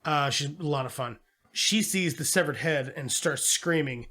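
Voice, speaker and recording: A man's voice: fairly high pitch, normal speed, sharp tone. A man co-hosting a podcast, casually retelling a film's plot with lots of swearing and quoted voices. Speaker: podcast co-host. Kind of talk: casual movie review chat.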